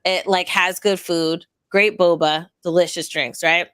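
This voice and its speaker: A woman and mother, the channel host, telling a funny story to friends in a casual, animated way. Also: on the low side, unhurried, smooth, dry recording. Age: adult with a young daughter. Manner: animated, plays out the people in her stories.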